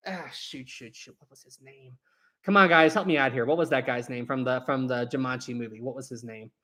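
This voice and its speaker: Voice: mid-range voice, fairly quick, a bit bright. A livestream host chatting casually, reading chat aloud, laughing often and trailing off while hunting for words. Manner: hesitant, lots of fillers while searching for words. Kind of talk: casual live stream chat.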